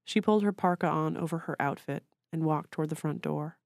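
A woman author reading her own short story aloud in a measured, literary way. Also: low-pitched, creaky, a little mellow, no room sound, studio quality.

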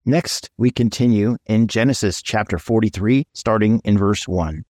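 A man hosting a podcast and reading scripture aloud, in a steady, plain-spoken way. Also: fairly low pitch, normal speed, no room sound, clean studio sound. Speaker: podcast host and Bible reader.

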